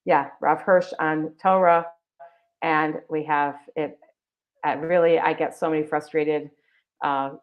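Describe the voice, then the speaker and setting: Brief: lower-voiced woman hosting an online walkthrough, chatty and eager, dull call audio. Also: fairly even intonation, unhurried. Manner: chatty, enthusiastic, many fillers and restarts. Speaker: webinar presenter for a text library. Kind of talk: live webinar walkthrough. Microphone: video call.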